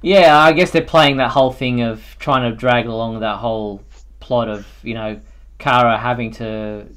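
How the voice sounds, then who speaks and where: A man's voice: medium pitch, fairly even intonation, normal speed, a bit bright, clear, resonant tone. A man hosting a live fan show, chatting casually and thinking aloud with plenty of fillers. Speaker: host.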